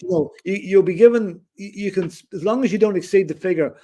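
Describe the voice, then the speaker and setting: A man's voice: high-pitched, a little fast, dark tone. A man co-hosting a casual football chat show, opinionated and rambling, often restarting his sentences. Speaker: football podcast co-host.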